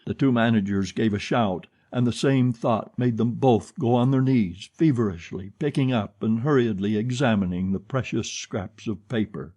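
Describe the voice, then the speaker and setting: A man narrating a classic novel as an audiobook, with a lively, expressive reading. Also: medium pitch, moderate pace, few pauses, breathy edge. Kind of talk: scripted narration.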